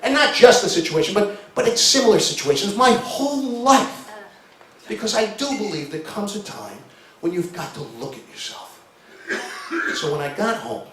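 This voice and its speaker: A middle-aged man doing a stand-up comedy routine, telling a story and acting out shouted arguments. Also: high-pitched, very animated, moderate pace, a crowd in the background. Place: stage before a live audience. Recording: roomy live venue sound.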